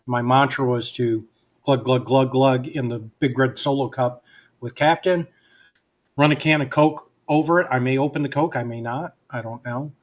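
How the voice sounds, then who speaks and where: Man of mid pitch, relaxed podcast guest, tells easygoing anecdotes and plays both sides of the dialogue. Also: normal speed. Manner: relaxed storyteller who acts out both sides of remembered dialogue. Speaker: guest hypnotist. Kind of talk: casual anecdotal storytelling.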